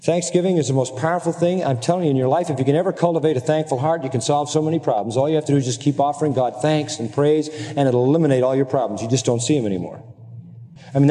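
A middle-aged man preaches with earnest emphasis, his voice sitting a little high yet sounding mellow. He presses points home and at times climbs into excited exclamations. The sound carries a long reverb, as in a large church hall. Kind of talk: sermon.

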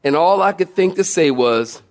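A man with a high, bright voice preaches in a drawl. He tells his story with plenty of energy, laughing as he goes and now and then bellowing out an impression of a drill sergeant. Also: normal speed. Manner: animated, acts out shouting and laughs mid-story. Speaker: pastor. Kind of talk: storytelling sermon.

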